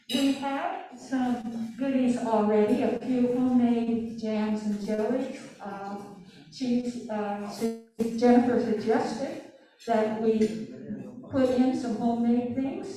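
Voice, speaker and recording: A woman chairs a club meeting, thanking people and moving on to the next item. Her voice sits a little high but sounds mellow and dark, and she speaks slowly. She is picked up from far off in a very echoey room with faint noise. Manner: brisk, thanking people and moving the agenda along. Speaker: club president.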